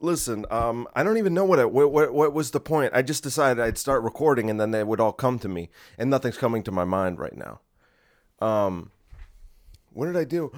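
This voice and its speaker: A man hosting his own solo podcast from his bedroom at home, chatting in a restless, jokey way that keeps getting sidetracked. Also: fairly low pitch. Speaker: podcast host. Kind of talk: rambling solo podcast chat.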